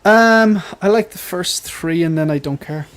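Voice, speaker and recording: A man's voice: sits high, unhurried, fairly bright tone. Rambling, self-interrupting male host. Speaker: panel host. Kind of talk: casual panel chat.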